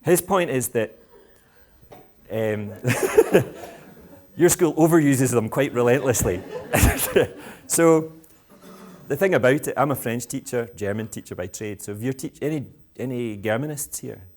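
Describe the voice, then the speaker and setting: An unhurried Scottish education speaker with a mid-range, slightly mellow voice talks to school parents. At this live school event, he is playful and provocative and makes fun of himself.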